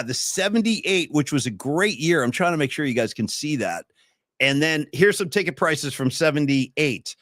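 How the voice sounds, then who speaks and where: A man in his fifties from Northern California, hosting a livestream podcast and chatting in an excitable, rambling, slangy way over a streaming call mic. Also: fairly high pitch, no echo, studio quality. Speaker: podcast host. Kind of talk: casual livestream chat.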